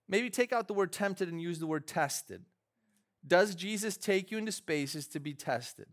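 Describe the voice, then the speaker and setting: A pastor with a fairly high-pitched voice preaches a sermon in church. He starts with conversational storytelling and builds into fervent, emphatic preaching.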